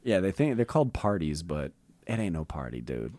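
A man hosting a podcast, rambling in an animated, conspiratorial way in casual chat. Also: low voice, fairly quick. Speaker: podcast host.

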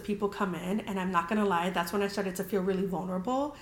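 A woman's voice: mid-range voice, steady tone, fast. A young woman casually telling a story as a podcast host, chatty and full of "like", swearing freely. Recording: roomy echoey room.

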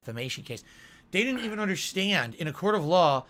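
A man's voice: high voice, very animated, a little fast, fairly bright tone. A man in a clip from a streamer's podcast, ranting in an indignant, lecturing manner.

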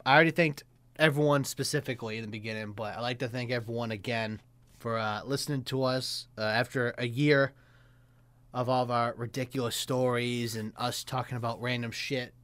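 A man's voice: medium pitch, steady tone, brisk, a bit bright, no room sound. A man hosting a podcast in loose, joking casual chat, laughing often. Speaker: podcast host.

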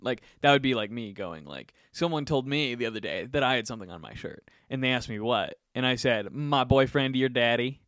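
Animated, teasing young man. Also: mid-range voice, brisk, hardly any pauses, dry recording, clean studio sound. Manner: teasing, pushy, profane. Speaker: podcast co-host. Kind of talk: casual chat.

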